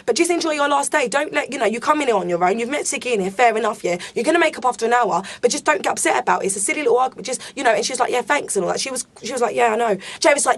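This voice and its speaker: A woman reality show contestant, ranting fast and indignantly in a heated diary room confession, swearing often. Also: fairly high pitch, a bit bright.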